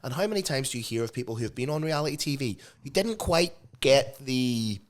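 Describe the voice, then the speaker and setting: A young man talks loosely on a podcast, circling back and restarting his sentences. His pitch sits in the middle for a man, and his delivery is relaxed and unscripted. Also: brisk. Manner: swearing, rambling with restarts. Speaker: podcast co-host. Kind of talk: casual podcast chat.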